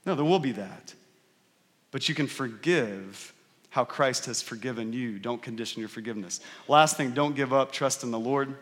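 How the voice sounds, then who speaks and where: At a moderate pace and medium pitch, this slightly bright-voiced man in his thirties preaches a conversational sermon. He checks in with the congregation often by asking "right?", and the recording has long hall reverb.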